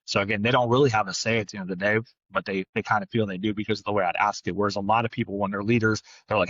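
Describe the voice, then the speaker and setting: A man's voice: on the low side, fairly even intonation, a bit bright, no room sound, highs cut off. A man co-hosting a podcast, telling a work story in a blunt, casual way, often tagging lines with "right?" and swearing now and then. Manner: fast, blunt, peppered with "right?". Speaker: podcast co-host, dog trainer.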